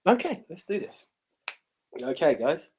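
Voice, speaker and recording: A man's voice: on the high side, very animated, measured pace, darkish tone, slight background noise. A man co-hosting a podcast in casual chat, telling stories animatedly with many restarts. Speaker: podcast co-host.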